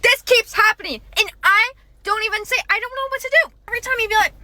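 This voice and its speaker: A young woman telling a first-date story, animated and dramatic, often breaking into laughs. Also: extremely high pitch, fast talker, slight background noise. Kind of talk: casual storytime.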